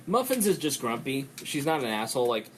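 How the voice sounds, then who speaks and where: A man hosts a casual podcast chat in a middle-pitched voice, rambling, swearing freely, and slipping into quick impressions. He talks into a studio microphone. A faint hiss runs underneath. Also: big pitch swings. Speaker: podcast host.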